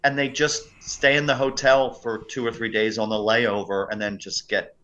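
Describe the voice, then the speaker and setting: A male comedian guest telling stories in an energetic, casual chat. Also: on the low side, moderate pace, highs cut off. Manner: energetic anecdote telling, frequent restarts.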